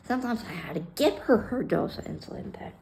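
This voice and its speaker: A woman's voice: on the high side, expressive, fairly quick, gravelly, darkish tone, rough recording. A woman casually telling a personal story on her vlog, blunt and heated, swearing freely and sometimes dropping almost to a whisper.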